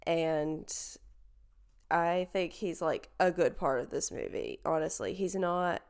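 A woman's voice: fairly low pitch, fairly even intonation, takes it slowly, darkish tone. A young woman talking casually about a movie, rambling and full of fillers and self-corrections. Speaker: movie reviewer. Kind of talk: casual chat.

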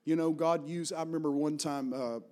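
A middle-aged man with an Appalachian accent preaching a Pentecostal sermon, moving from hushed storytelling to loud, fervent calls to the congregation. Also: on the high side, steady tone, moderate pace. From Virginia, Appalachian Mountains. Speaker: pastor.

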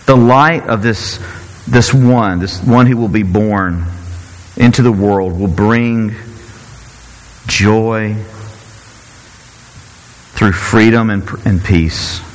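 A man preaching a sermon in an earnest, halting way, often repeating words as he searches for the next one. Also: lowish voice, long reverb tail, rough recording.

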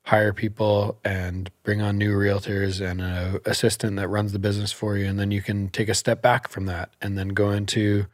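A man's voice: fairly low pitch, little pitch movement, moderate pace, hardly any pauses, no room sound. A man who works as a realtor, talking in a casual podcast chat as a guest, telling stories animatedly and laughing often.

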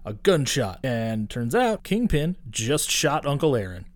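A man's voice: medium pitch, unhurried, dry recording, studio quality. Profane man recapping a movie. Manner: profane, animated retelling with quoted voices. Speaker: podcast co-host. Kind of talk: casual movie recap chat.

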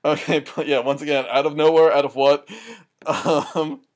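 A woman's voice: low voice, steady tone, normal speed, a little mellow. A woman co-hosting a podcast, recapping a TV episode in casual chat, laughing often and drifting into side stories. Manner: laughs often, chatty, digressive. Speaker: podcast co-host.

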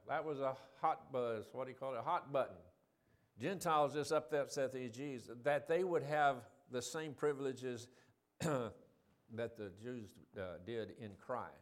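A man giving a sermon, reading scripture and explaining it in a conversational way, asking the listeners questions and raising his voice for quoted lines. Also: medium pitch. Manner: conversational, asks the audience questions; reads scripture quotes in a raised voice. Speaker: preacher.

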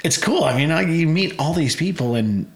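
A man in his forties, a guest and pizza business owner, telling rambling, animated stories in casual chat. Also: fairly high pitch, moderate pace, vocal fry. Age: 40s. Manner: animated, rambling anecdotes with voiced quotes. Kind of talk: casual storytelling.

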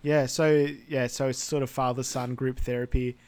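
A man's voice: mid-range voice, moderate pace. A man co-hosting a podcast, casually sharing trivia about a film's cast. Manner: relaxed, shares trivia. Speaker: podcast co-host. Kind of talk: casual movie recap chat.

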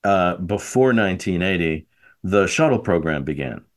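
A man's voice: low-pitched, animated, moderate pace. A middle-aged man hosting a podcast, chatting casually and thinking aloud. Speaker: podcast host. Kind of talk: casual chat.

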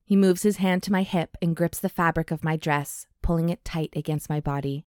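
Clean, echo-free studio sound carries a deep, darkish female voice. As a podcast co-host chatting casually, she reads a racy romance novel aloud, dwelling on the steamy lines with slow, breathy emphasis and frequent laughter.

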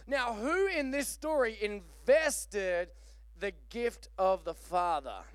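A man preaching a lively sermon, joking and calling for amens. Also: high-pitched, takes it slowly, dry recording, clean studio sound. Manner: animated, joking, calls for amen. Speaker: pastor.

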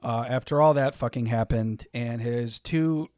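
A man's voice: medium pitch, unhurried, a little mellow, dry recording, clean studio sound. A man on a comedy podcast summarizing a comic in a rambling, sarcastic, profane way. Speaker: podcast co-host. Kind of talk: casual comedic chat.

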